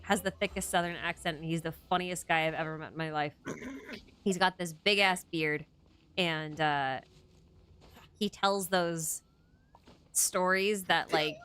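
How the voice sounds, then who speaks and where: A woman's voice: on the low side, steady tone, unhurried, pauses often, a bit bright, clean tone. Rambling, laughing young woman host. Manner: rambling, self-interrupting, laughs often. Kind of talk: casual chat.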